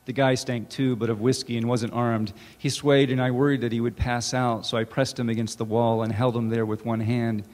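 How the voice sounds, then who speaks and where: A man, an author, reading his own fiction aloud in a measured, deliberate way at a campus event. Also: medium pitch, little pitch movement, a little mellow. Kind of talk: literary reading. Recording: reverberant hall.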